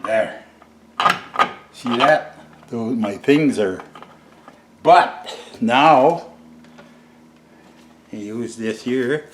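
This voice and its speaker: Middle-aged man, home DIY vlogger, unhurried, keeps chuckling, faint background hiss. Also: medium pitch. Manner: chuckling often, chatty, addresses viewers as folks. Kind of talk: casual home-project demo.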